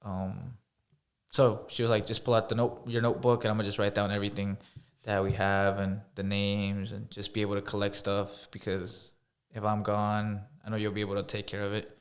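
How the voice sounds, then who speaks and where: A young man in casual conversation, soft-spoken and hesitant, with many filler words. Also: fairly low pitch, completely flat delivery, a little fast. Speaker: podcast co-host. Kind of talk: casual chat.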